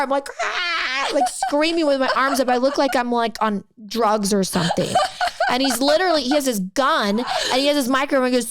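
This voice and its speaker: A woman's voice: sits high, background noise. A young woman cohosting a casual podcast, telling a story and acting out the quotes. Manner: animated storyteller who acts out quotes. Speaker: podcast co-host.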